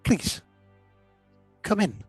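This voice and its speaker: A man's voice: extremely slow, dry recording, faint music behind. A man voicing a nervous, elegant female bird-folk shopkeeper whose voice slips between female and male. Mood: welcoming.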